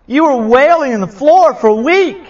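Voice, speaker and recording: A man's voice: very high-pitched, animated, moderate pace, recorded from a distance, pitched above the performer's own voice. A man voicing anxious royal servants who plead with their grieving king, urgent and coaxing. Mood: exasperated. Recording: dull lo-fi sound.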